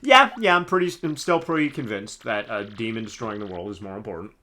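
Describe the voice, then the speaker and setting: A man streaming a game live, commenting in an excitable, jokey way and laughing often. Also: fairly low pitch, brisk. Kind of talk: live let's-play commentary.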